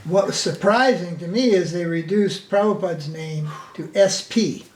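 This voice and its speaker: A man's voice: sits high, moderate pace, darkish tone. An older man talking in a casual, joking way with many fillers and restarts, giving an informal spiritual talk. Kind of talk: casual discussion. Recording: echoey room, mic a bit far, faint noise.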